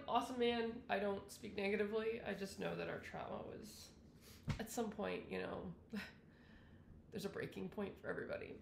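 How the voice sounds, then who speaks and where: A woman's voice: medium pitch, creaky, a bit bright, a little hiss or hum. A woman telling her own illness story in a candid personal monologue, rambling, with many fillers and self-corrections. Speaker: wellness vlogger sharing her illness story. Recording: roomy echo.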